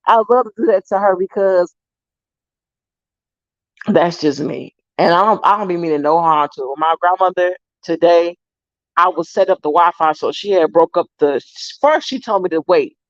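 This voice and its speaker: A woman's voice: lowish voice, moderate pace, dry recording. Woman vlogger chatting about her family, cusses a lot, muffled dry sound. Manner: animated, swears freely, acts out voices. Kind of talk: casual storytelling to viewers.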